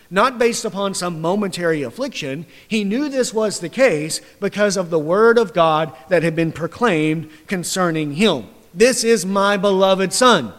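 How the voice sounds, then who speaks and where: Impassioned high-voiced preacher in a reverberant hall. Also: male voice. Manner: impassioned, rising to loud mocking questions then dropping soft. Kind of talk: sermon.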